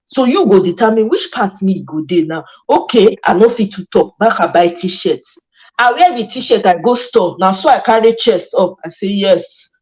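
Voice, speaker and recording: A woman's voice: medium pitch, animated, moderate pace, a little mellow, highs cut off. A Nigerian woman hosting a casual chat, passionate and emphatic, mixing Pidgin and English. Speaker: host.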